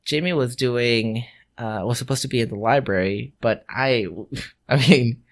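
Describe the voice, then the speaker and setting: A man's voice: medium pitch, a little slow. A man co-hosting a podcast, telling a story in casual chat, swearing freely, laughing, and acting out the people he quotes. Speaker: podcast co-host.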